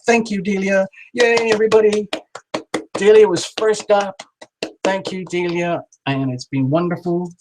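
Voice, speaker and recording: Brief: male tarot reader on a live stream, encouraging and chatty, slightly higher voice. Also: steady tone, measured pace, background noise. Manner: warm, encouraging, chatty, with playful exaggerated voices. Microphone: small built-in camera mic. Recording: small camera on a poor live-stream connection.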